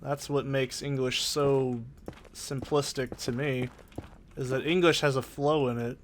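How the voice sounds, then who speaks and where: Rambling Pacific Northwest gamer, profane and casual. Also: male voice, mid-range voice, steady tone, unhurried, a little hiss or hum. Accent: Southern Oregon, Pacific Northwest. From Southern Oregon, US. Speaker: let's play host. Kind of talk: casual gaming commentary. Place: soundproofed corner of a home room. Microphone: desk condenser mic with pop filter.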